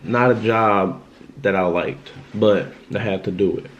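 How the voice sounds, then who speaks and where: A man's voice: fairly low pitch, measured pace, muffled recording, a little hiss or hum. A young man telling a personal story on his vlog in a loose, casual monologue that circles back on itself. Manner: loose, repetitive, keeps asking "you know what I'm saying".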